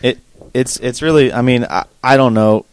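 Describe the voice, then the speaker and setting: A man co-hosting a casual podcast chat, hesitant with many restarts and quick to laugh. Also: mid-range voice, clean tone, dry recording. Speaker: podcast co-host.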